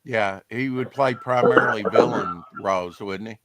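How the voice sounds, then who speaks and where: A man's voice: mid-range voice, normal speed, over a noisy crowd. A man hosting a casual podcast about comics, chatty and rambling, reading promos aloud. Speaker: podcast host.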